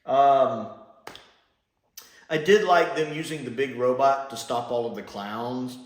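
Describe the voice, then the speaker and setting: A man's voice: mid-range voice, takes it slowly. A man giving a casual spoken review on his channel, chatty and rambling, often acting out lines. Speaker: video reviewer. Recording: echoey room.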